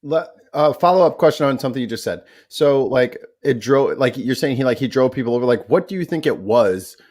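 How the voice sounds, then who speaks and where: A man co-hosting a casual podcast throws out quick, loose follow-up questions to a guest. His voice sits at an ordinary middle pitch. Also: lively intonation, a little mellow. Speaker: podcast host.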